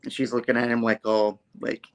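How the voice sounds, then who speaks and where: A man hosting a casual comic book review show, retelling a story and jumping into quick character voices. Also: clean tone. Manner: animated storyteller, jumps high for quoted characters.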